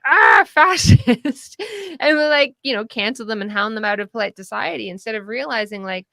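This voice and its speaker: A woman talking casually about politics as a podcast guest, animated and laughing often, with frequent restarts. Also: fairly high pitch, no room sound, studio quality.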